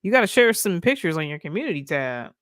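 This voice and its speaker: A woman with a fairly low voice that jumps all over the place hosts a relaxed livestream. She reads viewer comments aloud with playful energy and laughs often. The sound is dry and close, with no room echo. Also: quick pace. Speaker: livestream host. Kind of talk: casual livestream chat, reading viewer comments.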